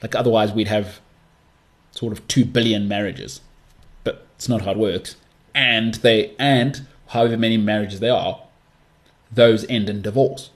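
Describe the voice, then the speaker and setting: A man's voice: lowish voice, fairly even intonation, measured pace. A young man hosting a solo podcast, talking in a chatty, rambling way with mocking asides. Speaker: podcast host.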